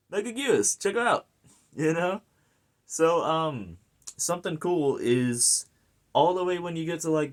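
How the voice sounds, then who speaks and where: American dude rambling through a movie review, lots of um and like and you know, super into it. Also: male voice, medium pitch. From United States. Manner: rambling and enthusiastic, full of fillers and restarts. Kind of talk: casual film review chat.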